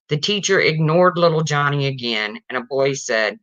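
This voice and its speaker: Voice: mid-range voice, lively intonation, moderate pace, hardly any pauses, fairly bright tone, dry recording. Chatty livestream joke-teller. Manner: chatty, chuckling, talks to chat. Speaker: livestream host telling jokes. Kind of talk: casual joke-telling livestream. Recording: dull slightly lo-fi stream audio.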